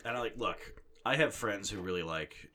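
A young man on a podcast, swearing his way through a heated rant about a film. His voice sits fairly low. He talks in loose, casual chat with plenty of restarts. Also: lively intonation, normal speed, bright, forceful tone, a little hiss or hum. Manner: profane, ranting. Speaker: podcast co-host.

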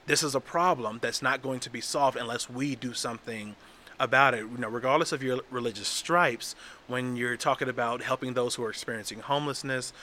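A man's voice: medium pitch, a little fast, pushed and bright, a little hiss or hum. A man from Texas talking casually and earnestly as a podcast guest, with frequent restarts.

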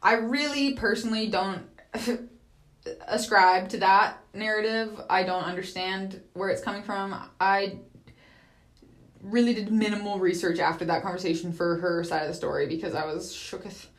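A woman's voice: medium pitch, steady tone, normal speed. A woman hosts a podcast alone and speaks in a casual monologue. She is chatty and profane and laughs easily as she rambles through her story. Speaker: podcast host.

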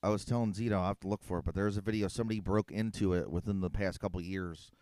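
A man's voice: low voice, fairly even intonation, rapid-fire, warm tone, clean tone, dry recording, clean studio sound. A man in casual podcast chat, rambling and swearing with many restarts. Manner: rambling, profane, restarts often.

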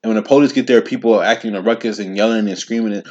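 A man in his twenties hosting a casual solo podcast. He talks in an animated, slangy way, repeats himself and speaks straight to his listeners. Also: fairly low pitch, rapid-fire, hardly any pauses, lo-fi sound. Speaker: podcast host.

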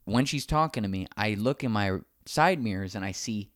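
Recounting a lengthy anecdote in a casual way, this man animatedly voices the other people's lines himself. His voice is lowish at a moderate pace, captured in clean studio sound without echo.

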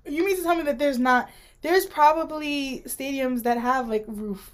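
A woman with a fairly high voice, co-hosting a podcast in casual chat. She talks wryly and sarcastically, with slangy asides. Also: normal speed. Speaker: podcast co-host.

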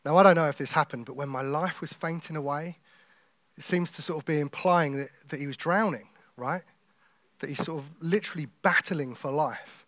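A man preaching a sermon in a conversational, joking way, with quiet intense stretches when reading scripture. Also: fairly high pitch, moderate pace, no echo.

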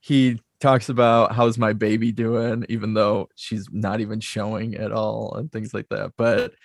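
A man's voice: lowish voice, flat delivery, measured pace, vocal fry, dry recording, studio quality. A man co-hosting a podcast, recapping a movie plot casually and laughing often. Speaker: podcast co-host. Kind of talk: casual film discussion.

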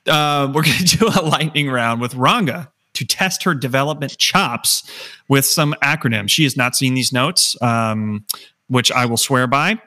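A male podcast host in easy, casual chat. His voice is bright with a forward edge, and he talks in a joking, rambling way, full of fillers and restarts. He sits at a middling pitch. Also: a little slow.

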